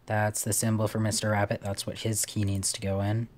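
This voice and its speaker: A man's voice: lowish voice, monotone, brisk, a little mellow, slight background noise. A man giving playful let's play commentary on a puzzle game, swearing casually and chatting to the characters on screen. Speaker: gamer playing a puzzle game.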